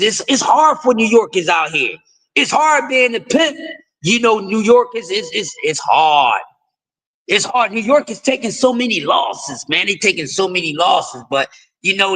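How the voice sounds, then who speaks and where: Raspy middle-aged man, high and bright. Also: rough recording. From East Coast of the United States. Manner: rambling, repeats words, jokey and loose. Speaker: live-stream sports host. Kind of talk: casual sports talk live stream.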